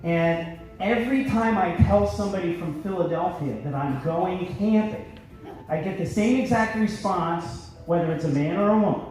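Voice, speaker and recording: Male stand-up comic, brash, high-pitched voice, booming echoey theater, heard from afar, music behind. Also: normal speed, darkish tone, recorded from a distance. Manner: brash, switches into gruff Philly voices for bits. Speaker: stand-up comedian. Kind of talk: stand-up comedy set. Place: large theater stage with live audience.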